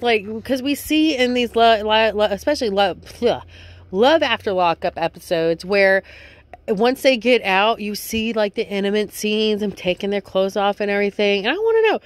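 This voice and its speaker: A woman's voice: medium pitch, no room sound. A woman casually recapping a reality show episode, rambling and chatty, with lots of filler words.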